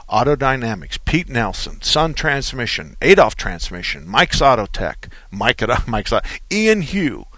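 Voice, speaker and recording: Dry-voiced folksy radio host. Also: male voice, lowish voice, fairly bright tone, no echo. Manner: folksy storyteller, chuckling, joking asides. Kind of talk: call-in radio talk.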